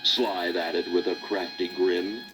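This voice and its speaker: Low-voiced man narrating a storybook record. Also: steady tone, takes it slowly, music in the background. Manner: dramatic read-aloud storytelling.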